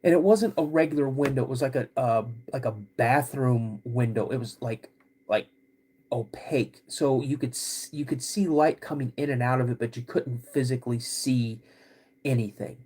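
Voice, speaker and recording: Husky guy retelling a story from his childhood, kinda halting, lots of restarts. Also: mid-range voice, mellow. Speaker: podcast host. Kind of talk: personal storytelling.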